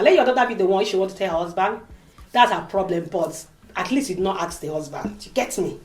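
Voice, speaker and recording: A woman's voice: mid-range voice, brisk. A woman, talking in an emotional, emphatic casual vlog and acting out the people she quotes. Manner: animated, emphatic, acts out quoted voices. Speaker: vlogger. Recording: echoey room.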